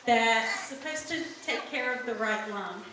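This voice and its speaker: A middle-aged woman gives a church testimony in a sanctuary, speaking slowly and earnestly straight to the congregation. Her slightly high voice carries from a distance, and the very echoey sound, heard from across the room, has a faint hum behind it.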